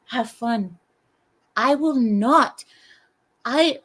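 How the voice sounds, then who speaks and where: A woman living in America hosts a livestream, reading viewer comments aloud in a fairly high voice at a measured pace. She answers them with exasperation, sighing often and asking rhetorical questions.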